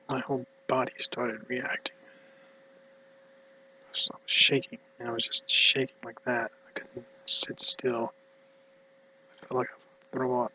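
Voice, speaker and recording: A man rambling through a personal monologue in a tired, mumbly voice, halting and hushed, sometimes dropping to a whisper. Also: mid-range voice, slight background noise, low-quality recording. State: exhausted. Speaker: vlogger.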